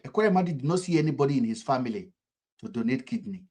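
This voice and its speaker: A Nigerian-accented man delivers impassioned political commentary in a mid-range, animated voice at a quick pace. He repeats himself in a fervent rhythm and swings sharply between loud and soft.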